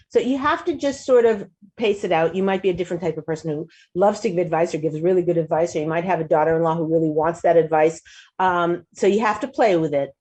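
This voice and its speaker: This fast-talking woman hosts a talk show and offers advice in a casual, animated manner. She keeps restarting sentences, and when quoting someone she performs the lines in a raised voice.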